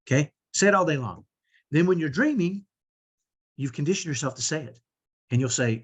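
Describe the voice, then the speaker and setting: Husky earnest middle-aged man coaching. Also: fairly high pitch, lively intonation, fairly quick, pauses often. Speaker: parenting coach. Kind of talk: online training talk.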